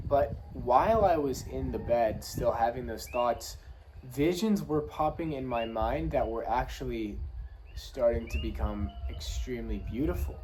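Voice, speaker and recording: A man's voice: mid-range voice, unhurried. Man, podcast host, rambling personal story, lots of fillers, slightly shaky, faint room hum. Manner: candid and rambling, with many likes and ums. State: legs shaking a little, still has a fear response.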